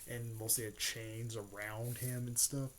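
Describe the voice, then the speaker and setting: A man's voice: mid-range voice, little pitch movement, a little slow, fairly bright tone. Rambling man retelling a story. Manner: rambling, filler-heavy, frequent throat clearing. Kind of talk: casual rambling story recap.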